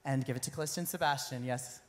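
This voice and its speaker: The pageant host has a very deep voice and a brisk delivery. Performing live in a concert venue, she chats with contestants in a playful way, frequently breaking into laughter.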